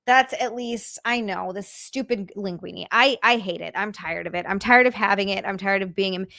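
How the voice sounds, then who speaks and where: A woman chatting casually on her livestream, reading comments aloud in a rambling, halting way and swearing freely. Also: medium pitch, creaky, sharp tone, no room sound, clean studio sound.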